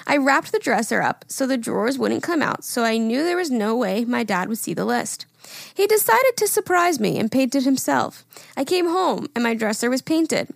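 A woman's voice: fairly high pitch, big pitch swings, normal speed, creaky, no echo, clean studio sound. A woman co-hosting a casual podcast, reading listener stories aloud in a blunt manner, swearing freely. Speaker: podcast co-host.

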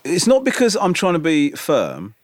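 Lively, wry man arguing his point. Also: fairly high pitch, moderate pace, dry recording, clean studio sound. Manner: wry, argumentative, teasing. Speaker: podcast co-host. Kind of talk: casual chat.

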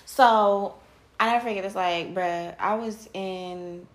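A woman's voice: medium pitch, fairly even intonation, slow. A woman host in casual chat, laid-back and slangy, laughing often.

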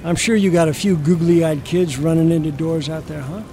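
A man's voice: on the high side, steady tone, moderate pace, warm tone, slight background noise, close to an everyday voice. A man voicing a boastful young bro with a brash, salesy patter.

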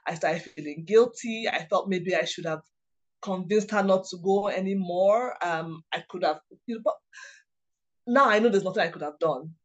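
A woman's voice: lowish voice, muffled recording. Woman telling a personal story, emotional, keeps restarting sentences, lots of you know. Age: adult mother of several children. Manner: emotional, halting, with frequent restarts and fillers. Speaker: guest sharing a personal story.

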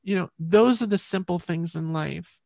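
A woman's voice: on the low side, moderate pace, gravelly, a little mellow, dry recording, clean studio sound. A woman, a guest, earnestly telling a personal story in a chatty way.

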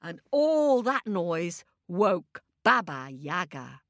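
Children's storyteller, woman: lively, unhurried, playful sound effects, questions to the kids. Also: on the high side, no room sound, studio quality. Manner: animated, asks listeners questions, makes sound effects.

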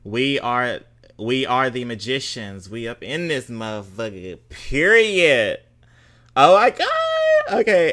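A man hosts his podcast in an easy, unhurried drawl, reading listener reviews aloud. His voice is bright and crisp, sitting a little low. He keeps it playful and breaks into loud, exclamatory emphasis. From Southern United States. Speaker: podcast host.

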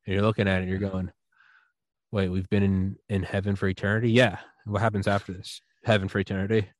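A man with a lower-pitched voice riffs casually on a podcast, jumping into acted-out voices as he tells a story. He swears freely and keeps the energy animated. The sound is close and dry. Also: quick pace, no echo. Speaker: podcast host.

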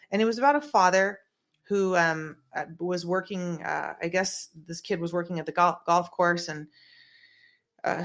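A woman's voice: fairly low pitch, fairly bright tone. A woman hosting a casual commentary show in a small room, rambling in a conspiratorial way with many fillers. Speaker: host.

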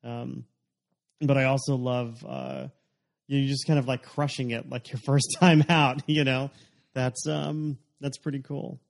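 Man, gravelly, young adult, casual rambling talk, podcast host. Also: medium pitch, flat delivery, measured pace. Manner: rambling, many fillers and "like"s. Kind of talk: casual chat.

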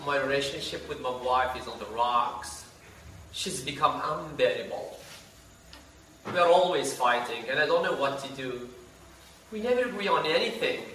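A man's voice: mid-range voice, normal speed, bright, forceful tone, lightly acted. A man playing an unfaithful husband who brushes off his wife and complains to his lover. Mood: complaining. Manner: curt, brushing off questions. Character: unfaithful husband, dismissive and evasive. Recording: echoey room heard from far off with faint noise.

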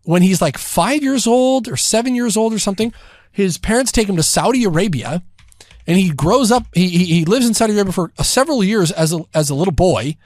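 A man's voice: sits high, animated, brisk, darkish tone, no echo. A man co-hosting a podcast in casual chat, telling stories and acting out the people he quotes. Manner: storytelling, acts out quoted characters. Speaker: podcast co-host.

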